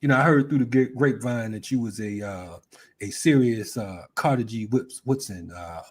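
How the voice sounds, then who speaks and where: A man hosting an interview in a relaxed way, asking long rambling questions full of fillers. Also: medium pitch, moderate pace, slightly rough. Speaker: host. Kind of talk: casual interview talk.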